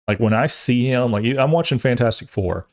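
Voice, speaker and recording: A young adult man hosting a podcast, chatting casually and rambling, jokey and animated, often restarting his sentences. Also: mid-range voice, normal speed. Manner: animated, acts out quotes in funny voices. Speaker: podcast host. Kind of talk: casual chat.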